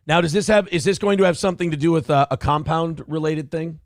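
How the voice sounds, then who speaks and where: A man hosting a crude comedy show, brash and profane, mocking people in loud rants. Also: fairly high pitch, no room sound, studio quality. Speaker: show host. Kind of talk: crude comedic podcast banter.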